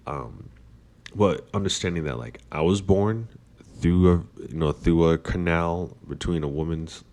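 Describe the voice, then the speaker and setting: A man's voice: sits low, measured pace, darkish tone. A man hosting a casual philosophical monologue, rambling with many fillers and restarts. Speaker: podcast host.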